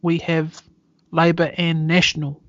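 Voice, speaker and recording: A man's voice: fairly high pitch, measured pace, dry recording. New man, jokey co-host, dry dull call sound. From New Zealand. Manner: joking, teasing, relaxed banter. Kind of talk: casual chat.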